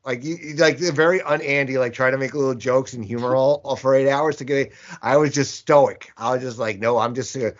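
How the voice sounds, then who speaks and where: A man's voice: mid-range voice, fairly even intonation, fairly quick, few pauses, muffled recording. A man co-hosting a podcast, telling rambling anecdotes in casual chat and repeating words as he searches for them. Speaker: podcast co-host.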